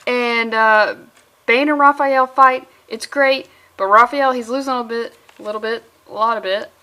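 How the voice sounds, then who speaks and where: Woman comic reviewer, slightly high voice, excitable, rambling, casual and profane. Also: normal speed. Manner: excitable and rambling, with swearing and jokey asides.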